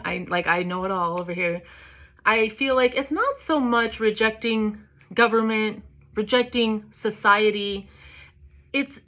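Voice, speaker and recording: A woman with a fairly high voice, giving a tarot reading in a loose, chatty way. She speaks candidly, drops curse words freely and fills her talk with casual asides. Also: fairly bright tone. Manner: chatty, candid, swears freely, many fillers. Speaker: tarot reader. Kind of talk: casual spiritual reading monologue.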